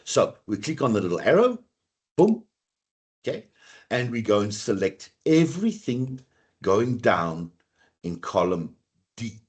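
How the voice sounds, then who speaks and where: A man teaching a live online lesson, his voice a little husky and rough at the edges. He swings his pitch widely as he chats and encourages the class, addressing students directly. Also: big pitch swings, unhurried, long pauses.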